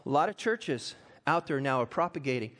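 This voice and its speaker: A middle-aged male pastor preaching a sermon, reading scripture and telling stories that build into loud, impassioned peaks. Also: mid-range voice, animated, fairly quick.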